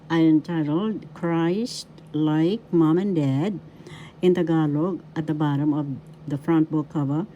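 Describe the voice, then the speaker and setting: An older woman from the Philippines, a language teacher and author, introducing a video lesson in a formal, deliberate way and repeating her name and degrees. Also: low voice, warm tone, muffled recording, a little hiss or hum. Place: her home in New York City.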